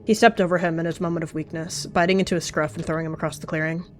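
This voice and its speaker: A woman's voice: fairly low pitch, flat delivery, racing, a little hiss or hum. A woman giving dramatic, vivid storytelling narration of a game roleplay. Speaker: channel host narrating a roleplay.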